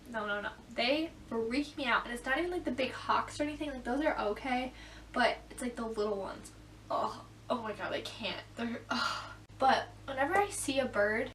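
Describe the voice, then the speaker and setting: High-voiced teen girl telling stories. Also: a bit bright, slight background noise. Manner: chatty, full of "like", breaks into laughs. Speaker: vlogger. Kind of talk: casual storytelling to camera. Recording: echoey room, mic at a distance.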